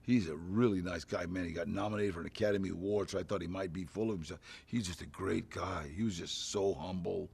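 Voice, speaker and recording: A man with a gravelly, husky voice talks loosely in a press interview, rambling from one story to the next. He keeps dropping in "you know" and breaks into chuckles as he goes, an actor talking up his film. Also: low voice, steady tone, fairly quick, hardly any pauses, darkish tone.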